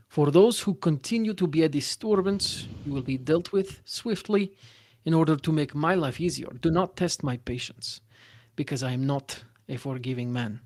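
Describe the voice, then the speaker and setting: A man's voice: on the high side, normal speed, a little mellow, dry recording, close to an everyday voice. A man voicing a stern male Aasimar prison warden who speaks in a cold, formal, menacing way. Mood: threatening.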